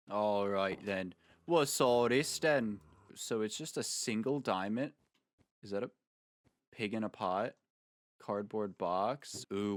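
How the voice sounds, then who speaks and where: A man talks through his gameplay in a slow, unhurried way, with a lowish voice. He rambles and tosses out playful jokes as he goes. The sound is dry and close, with no room echo. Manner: jokey and rambling, with playful asides. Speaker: Minecraft video creator. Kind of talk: casual gameplay commentary.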